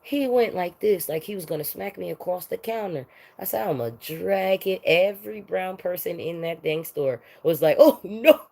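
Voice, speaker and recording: A woman giving a heated, profane monologue rant, swinging between loud outbursts and low muttering. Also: moderate pace, creaky, few pauses. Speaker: vlogger.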